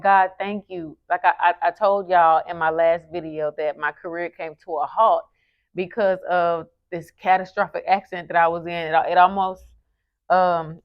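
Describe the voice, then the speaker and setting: Earnest woman vlogger, muffled audio. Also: on the low side. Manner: earnest, animated storytelling with frequent restarts. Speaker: lifestyle vlogger and event host. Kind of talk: casual talk to camera. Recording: muffled lo-fi sound.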